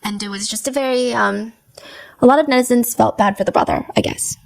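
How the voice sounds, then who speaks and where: A woman with a slightly high-pitched voice who narrates a commentary video. She talks casually and conversationally, and she freely gives her own opinions. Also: brisk, creaky, darkish tone, rough recording.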